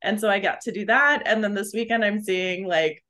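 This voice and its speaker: A woman's voice: mid-range voice, fairly quick, sharp tone. Upbeat young woman co-hosting a podcast. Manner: goofy, upbeat, chatty. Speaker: podcast co-host. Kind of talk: casual chat over beer. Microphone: video call.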